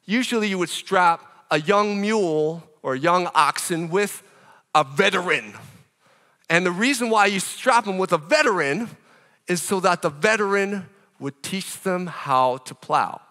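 A man preaching a sermon as pastor, in an animated, conversational way, with rhetorical questions. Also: high-pitched, measured pace, big-room sound.

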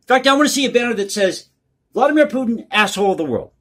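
A man's voice: extremely high pitch, animated, quick pace, fairly bright tone, husky. A man hosting his own channel, giving blunt, crass, opinionated commentary on the news. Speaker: political commentary host.

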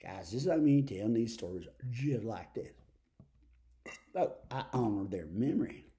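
A man's voice: medium pitch, lively intonation, normal speed, mellow. A man from Texas with a Southern accent, telling a meandering, folksy comic story as a preacher character. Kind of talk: rambling comic monologue.

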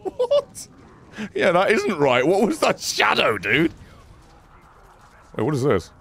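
Brief: gamer guy, high and very animated, sarcastic and sweary, commenting on his gameplay. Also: takes it slowly, vocal fry, breathy edge. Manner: excitable, sarcastic, swearing, frequent yelps and laughs. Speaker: gaming channel host.

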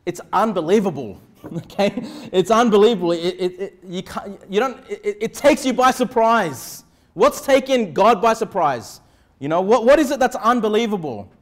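A man's voice: high-pitched, expressive, normal speed. A male pastor preaching a sermon in church, emphatic, with repeated phrases and rhetorical questions. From Australia.

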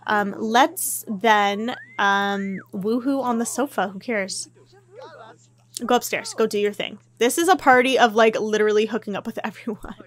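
A woman giving casual, chatty commentary over a life-simulation game, excitable and quick to gasp. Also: medium pitch. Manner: chatty and excitable, with gasps and laughs. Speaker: gameplay commentator. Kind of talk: casual let's-play commentary.

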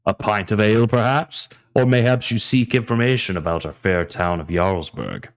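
A man's voice: fairly low pitch, animated, moderate pace. A man voicing a jovial male tavern barkeep who greets guests in theatrical, old-fashioned speech.

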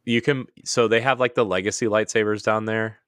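A man with a very low, deep voice talks loosely on a podcast, wandering through his thoughts with plenty of fillers and restarts. His voice is recorded close and dry, with no room sound. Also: steady tone, a little fast, a bit bright, no echo. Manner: rambling, many "like"s and restarts. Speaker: podcast co-host. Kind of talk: casual podcast chat.

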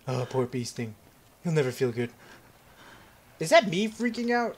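A young man talking through a horror game in a loose, rambling, joking way. His voice sits a touch high for a man and swings widely in pitch as he chatters to himself. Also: expressive, unhurried, long pauses. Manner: jokey, rambling self-talk. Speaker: gaming commentator. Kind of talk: let's play commentary.

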